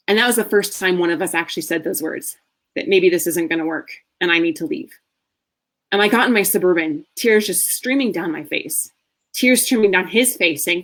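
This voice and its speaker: Speaking fairly quickly in a voice on the low side, a thirty-something marriage coach shares a frank personal story during a masterclass. She comes across as earnestly warm, now and then letting out a soft laugh.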